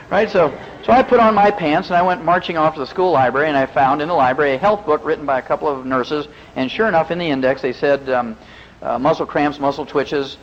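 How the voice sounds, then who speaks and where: A man's voice: a little high, long reverb tail. A man from the Midwest, a veterinarian and physician, giving a folksy, joking health lecture to a live audience. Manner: joking storyteller, animated and fast-talking. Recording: muffled lecture recording with faint hiss.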